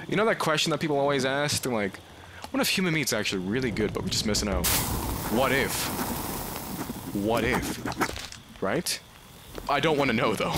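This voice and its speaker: A man narrates his game playthrough in a loose, chatty way, swinging his pitch around a lot. He yelps at the scares and talks to the characters on screen. There is a noisy hiss behind him, with some clicks. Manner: excitable, yelps and shouts at scares. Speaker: gaming video creator. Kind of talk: let's play commentary.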